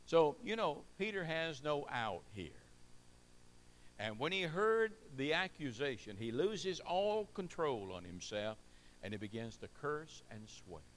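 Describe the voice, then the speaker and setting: A man's voice: fairly high pitch, big pitch swings, measured pace, a little hiss or hum. A man preaching a sermon, repeating key phrases for emphasis and asking the congregation rhetorical questions.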